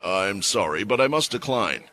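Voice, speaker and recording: A man voicing a calm, big old male healer mage in a fantasy story recap, speaking quietly and matter-of-factly. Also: normal speed, a little hiss or hum. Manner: matter-of-fact, quiet and low.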